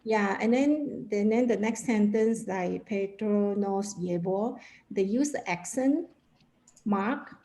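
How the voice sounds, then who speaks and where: A woman student on a video call asking her teacher a question in a hesitant, halting way. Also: medium pitch, mellow.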